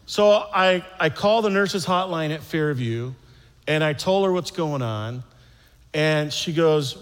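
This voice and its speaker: A fairly high-pitched American man tells a story on stage in a rambling, self-mocking way, repeating his phrases and mimicking the sounds. His voice carries a long reverb from the venue. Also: expressive, slow pace, clear, resonant tone. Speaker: stand-up comedian. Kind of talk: stand-up storytelling.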